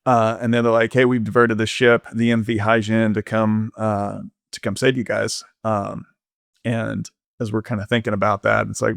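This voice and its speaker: A man's voice: lowish voice, little pitch movement, moderate pace, creaky, dry recording, studio quality. A man, a podcast guest, telling an ocean-rowing story candidly, rambling with lots of fillers. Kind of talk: casual storytelling interview.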